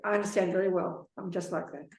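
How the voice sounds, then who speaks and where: This woman's voice is fairly low and quick, with a mostly even intonation. She's a Buddhist teacher delivering a dharma talk and answering questions in a meditation center's echoey hall, blunt and repetitive, addressing listeners as darling and sweetheart.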